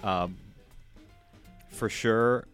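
A man co-hosting a podcast in casual chat, animated and halting, restarting his sentences. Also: fairly low pitch, clean tone, faint music behind. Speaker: podcast co-host.

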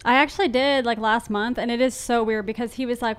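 Fast-talking bright-voiced young woman. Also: fairly high pitch, clean tone. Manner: quick, animated storytelling. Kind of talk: casual podcast chat.

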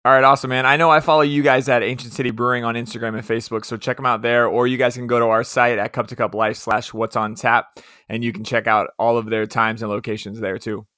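A man's voice: mid-range voice, little pitch movement, fast talker, bright, forceful tone, dry recording, clean studio sound. A man hosting a podcast in a casual, laid-back way, running a trivia round and chatting with guests. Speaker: podcast host.

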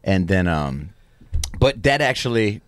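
A man with a low, deep voice tells a loose, rambling story as a guest in an interview. He leans on "you know" and keeps circling back. The sound is dry and close, with no room around it. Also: very animated, a little slow, no echo. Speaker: musician guest. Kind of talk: casual anecdote in an interview.

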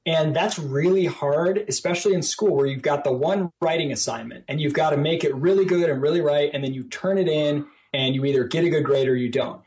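Man guest on a podcast, fairly high voice, lively and talky, into a mic. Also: fairly quick, hardly any pauses. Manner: animated, acts out quoted voices at higher pitch. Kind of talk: casual conversational talk. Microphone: podcast microphone.

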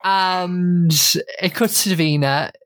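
Woman host, low voice, dry close sound, chatty recap storyteller. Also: slow, dry recording. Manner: animated storyteller, acts out quotes. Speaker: podcast host recapping a reality show. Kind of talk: casual chat.

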